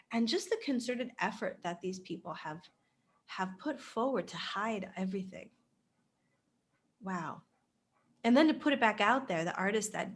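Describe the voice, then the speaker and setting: Woman co-host, lively and expressive, laughs a lot, casual chat. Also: medium pitch. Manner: animated, laughs often, acts out quoted voices.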